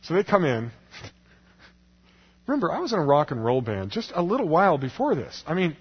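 Male preacher, fairly high and husky, telling a self-mocking story with chuckles; recorded dull in a reverberant church hall. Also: very animated, normal speed, long pauses. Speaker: preacher giving a testimony. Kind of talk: humorous personal testimony to a congregation. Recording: echoey hall, dull lo-fi sound.

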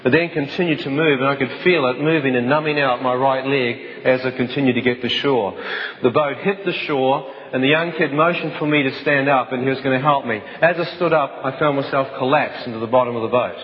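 A man's voice: medium pitch, steady tone, fairly quick. Man telling a dramatic personal story. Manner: intense, vivid, with some restarts. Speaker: speaker giving a personal testimony. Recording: dull sound, long hall reverb.

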